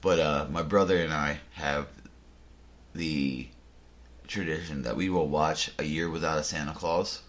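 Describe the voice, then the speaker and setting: Deep-voiced man telling a rambling story. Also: measured pace. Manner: rambling, self-interrupting, deadpan jokes. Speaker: podcast host. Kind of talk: casual storytelling chat. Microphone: headphones and desk mic.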